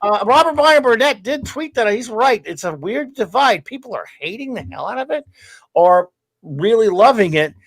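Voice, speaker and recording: A man's voice: high-pitched, lively intonation, moderate pace, a bit bright, no room sound. A man hosting a casual live show, rambling and joking at his own expense. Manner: rambling, self-deprecating joker. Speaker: host. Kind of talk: casual livestream chat.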